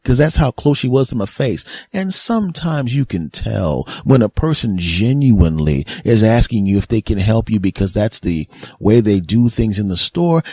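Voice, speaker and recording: A man's voice: lowish voice, no echo. A man hosting a podcast, telling a rambling, exasperated comic story as a solo monologue. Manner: rambling, animated, exasperated ranting. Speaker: podcast host. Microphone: close podcast mic.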